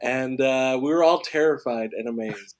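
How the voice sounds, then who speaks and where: A male actor and filmmaker, a guest on a podcast, telling an animated anecdote and laughing often as he talks. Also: mid-range voice, normal speed. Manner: excitable, laughs often while storytelling.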